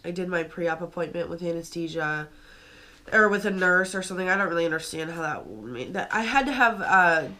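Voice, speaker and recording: Woman, young adult, upset, venting, casual storytelling, bright tone, fairly low pitch. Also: animated, a little fast. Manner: upset, venting, with many fillers and restarts. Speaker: vlogger.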